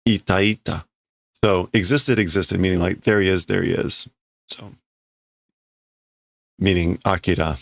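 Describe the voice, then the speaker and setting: A man's voice: deep voice, steady tone, measured pace, creaky, pauses often, dry recording, clean studio sound. A man hosting a casual livestream, thinking aloud as he reads and translates a manga. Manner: musing, thinking aloud, laughs softly. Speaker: livestream host.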